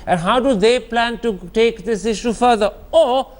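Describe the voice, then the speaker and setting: A man's voice: very high-pitched, moderate pace. A man moderates a televised political debate. He presses his guests with pointed, emphatic questions and cuts in to keep them on track. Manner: probing and emphatic, cuts in to steer the discussion.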